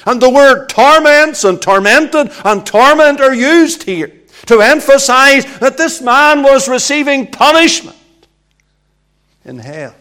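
Preacher guy, high voice, keeps repeating himself, goes quiet then loud. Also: animated, takes it slowly. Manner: emphatic, repetitive, swings from hushed to loud. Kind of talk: sermon.

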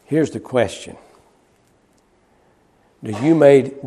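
A man preaches in an animated way at moderate speed, swinging between loud, high calls and quiet, low asides. He repeats himself and chuckles as he speaks.

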